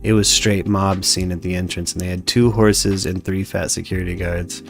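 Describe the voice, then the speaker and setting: A man's voice: low-pitched, level tone, moderate pace, vocal fry, soft background music. A man hosting a podcast in casual chat, rambling and profane, often trailing off as he reads out chat comments. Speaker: podcast host.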